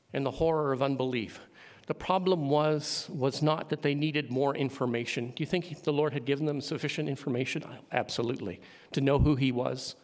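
A man preaching a sermon, building to loud emphatic climaxes. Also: medium pitch. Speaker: pastor. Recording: long hall reverb.

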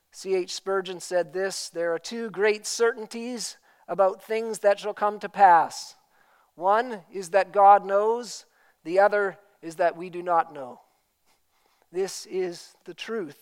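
A man's voice: high-pitched, clear, resonant tone, low-quality recording. A man preaching a sermon as pastor, emphatic and full of rhetorical questions.

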